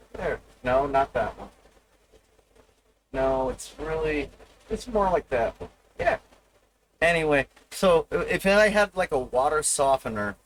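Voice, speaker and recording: Give me a slow-talking man with a gravelly voice, rambling and swearing on a live stream. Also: on the high side, a little hiss or hum, low-quality recording. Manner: rambling, profane, teasing the viewers. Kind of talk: casual live stream chat.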